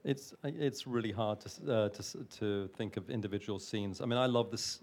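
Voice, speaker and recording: A man's voice: lowish voice, brisk, a little mellow. A man who works as a film producer, talking on a panel in a thoughtful, hesitant way with frequent restarts. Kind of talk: panel talk.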